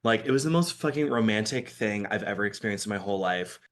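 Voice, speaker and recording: A man from Michigan, a podcast guest, telling a story in casual, animated chat with frequent laughter. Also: on the low side, quick pace.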